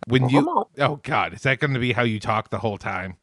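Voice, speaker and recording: A man's voice: lowish voice, fast, pushed and bright, no room sound. A man playing in a comedic tabletop game, with a dry, sarcastic, mock-formal manner. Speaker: player. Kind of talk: casual comedic role-play chat.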